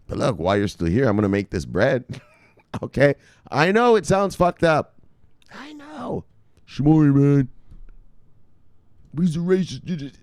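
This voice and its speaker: A man hosting a crypto news vlog in loud, profane, boisterous casual commentary, laughing often. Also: fairly low pitch, dry recording, clean studio sound.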